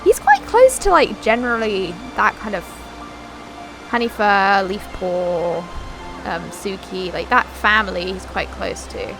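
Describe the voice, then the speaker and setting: A young woman giving casual, chatty gameplay commentary while she plays, often bemused and quick to correct herself. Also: medium pitch, lively intonation, over music. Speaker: gaming YouTuber.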